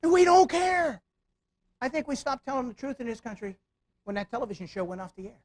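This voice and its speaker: A middle-aged man giving a security awareness talk with humor to a live audience, animated, telling stories and tossing rhetorical questions at the crowd. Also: very high voice, brisk, no room sound. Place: meeting room before live audience.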